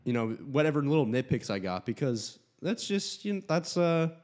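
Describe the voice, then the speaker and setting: A man in his twenties talks casually on a podcast, his pitch swinging widely as he makes wry, hedged points. He keeps things light and conversational. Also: normal speed. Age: 20s. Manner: lively, wry, hedging with fillers. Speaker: podcast co-host. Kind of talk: casual chat.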